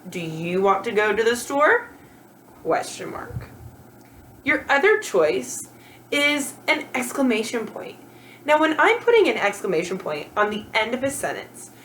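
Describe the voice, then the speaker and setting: A woman's voice: on the high side, a little hiss or hum, poor audio. A woman teacher giving a grammar lesson to children, encouraging and asking questions as she goes. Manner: animated, encouraging, asks rhetorical questions.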